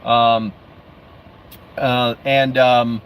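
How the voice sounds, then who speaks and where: A middle-aged man chats casually on a livestream, reading out comments and rambling with plenty of fillers and false starts. His voice sits at an ordinary middle pitch, and faint noise hums in the background. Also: little pitch movement, very slow, a bit bright. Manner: rambling, many fillers and restarts; friendly, calls viewers bro. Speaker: livestream host.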